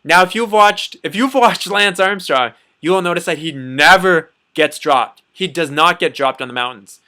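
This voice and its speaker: Bright-voiced chatty man vlogging. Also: a little high, moderate pace. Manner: chatty, repeats himself, lots of "you know". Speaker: diet vlogger. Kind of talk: casual talk to camera.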